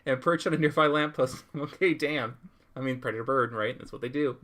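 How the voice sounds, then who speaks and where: A man's voice: medium pitch, brisk, fairly bright tone. Chatty man livestreaming and reading chat. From California. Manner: chatty, reads chat aloud and riffs with laughs. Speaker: streamer drawing and reading chat.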